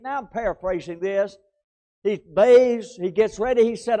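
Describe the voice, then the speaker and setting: A man with a high, light voice delivers a sermon in church. He swings between loud, pressing emphasis and quiet, hushed drops, repeating words as he goes and turning often to his congregation. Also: moderate pace. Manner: repeats words and phrases, addresses "ladies and gentlemen". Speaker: preacher.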